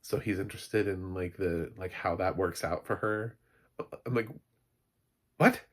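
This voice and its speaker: A man's voice: low-pitched, fairly even intonation, moderate pace. A man giving a casual, blunt spoken review of a TV show, exasperated and laughing in asides.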